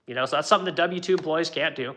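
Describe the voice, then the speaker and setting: Middle-aged man, blunt and profane, slightly high pitch, live-stream rant. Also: very fast, a bit bright. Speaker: furniture business owner. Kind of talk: livestream chat with viewers.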